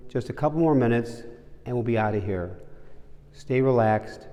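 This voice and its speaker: A man playing a calm, patient elderly grandfather who speaks in a very controlled, easy voice, in a story told during a sermon. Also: medium pitch, normal speed, long reverb tail, lightly acted.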